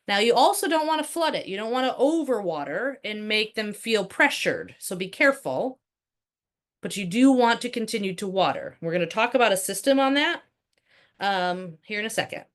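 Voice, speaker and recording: A woman teaching a live workshop as a real estate trainer. She talks in a lively, conversational way full of rhetorical questions. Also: medium pitch, moderate pace.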